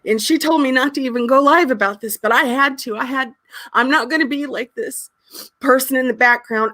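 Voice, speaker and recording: A woman hosting a live stream, sniffling and tearful as she gives an earnest, halting apology. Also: sits high, bright, forceful tone.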